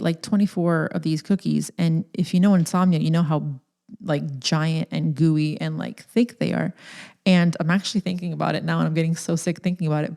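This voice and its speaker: A woman's voice: lowish voice, dark tone. A young woman hosting a podcast, telling a personal story candidly and emotionally, nervous and close to tears, with many "like" fillers. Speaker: podcast host.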